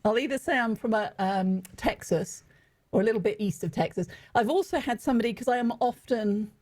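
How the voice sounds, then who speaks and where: A middle-aged woman with an English accent, a podcast guest telling quick, witty stories. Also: fairly high pitch, a little mellow. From England. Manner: witty, quick storytelling with laughs. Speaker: guest, executive coach. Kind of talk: casual interview chat.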